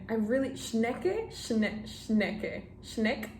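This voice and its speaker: A woman's voice: mid-range voice, a little slow, slight background noise. A young woman chatting in a reading vlog, gushing and tearing up as she opens gifts from friends. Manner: gushing, emotional, laughs and teary outbursts. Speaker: book vlogger. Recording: echoey room with faint ambience.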